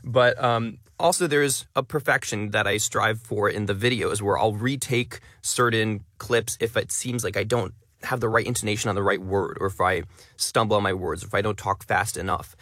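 A man who talks fast and stresses many words, a content creator being interviewed on radio in a studio. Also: fairly low pitch, fairly bright tone, no room sound.

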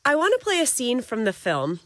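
An upbeat woman interviews her guest with curious questions. Her pitch moves in a lively way. The sound is dry and close. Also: a little fast, no room sound.

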